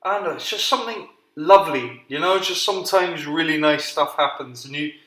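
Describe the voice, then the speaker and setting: Man, casual solo podcast, sweary and self-deprecating, slightly high voice. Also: fairly quick, pushed and bright, echoey room, rough recording. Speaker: podcast host. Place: home kitchen, cooking.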